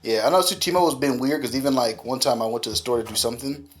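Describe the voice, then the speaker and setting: A man of middling pitch talks on a laid-back podcast, blunt and full of slang and swearing. He rants in a loose, conversational way, tossing in quick quoted asides. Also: lively intonation. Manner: ranting, blunt slangy delivery. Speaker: podcast co-host. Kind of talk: casual profane chat.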